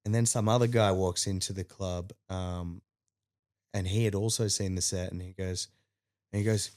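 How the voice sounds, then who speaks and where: Lively Australian man telling a story. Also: moderate pace, dry recording, clean studio sound. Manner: animated, acts out quotes with rising pitch, many fillers. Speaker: podcast guest. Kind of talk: casual storytelling.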